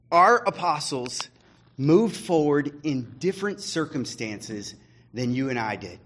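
Pastor, man, unhurried, conversational sermon that swells to fervent emphasis. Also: a little high, sing-song, a bit bright.

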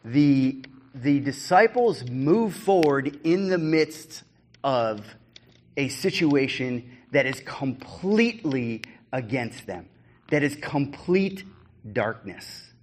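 A man preaching a sermon as pastor, talking conversationally with fillers and restarts, then building to fervent emphasis. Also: on the high side.

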